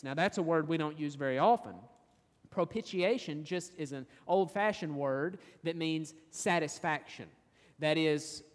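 A man preaching a sermon, explaining scripture in an earnest, measured teaching manner. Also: fairly high pitch. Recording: long hall reverb.

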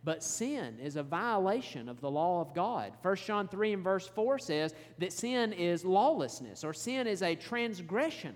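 A man preaching a sermon, explaining scripture in an earnest, measured teaching manner. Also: high-pitched, very animated. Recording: long hall reverb.

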